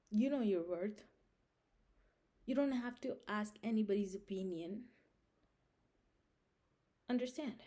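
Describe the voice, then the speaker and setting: Mellow-voiced woman giving emphatic advice. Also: medium pitch. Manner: emphatic, repeats points, checks in with "Understand?". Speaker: vlog host giving life advice. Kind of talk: casual direct-to-camera advice.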